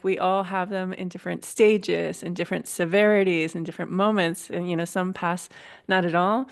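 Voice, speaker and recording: A woman in her forties with a lowish voice talks as a podcast guest. She explains in a relaxed, conversational way, often filling pauses with "um" and "you know". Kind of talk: casual interview chat.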